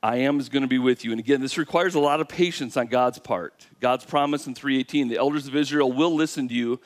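Animated preacher man telling a Bible story. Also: mid-range voice, quick pace. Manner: animated storytelling, acting out God's and Moses' lines, asks the audience questions. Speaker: pastor. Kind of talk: sermon.

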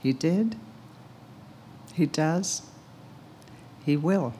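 A woman's voice: low-pitched, animated, extremely slow, warm tone, a little hiss or hum. An older woman giving an earnest, emphatic sermon, telling a story and reciting a poem. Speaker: speaker, teacher.

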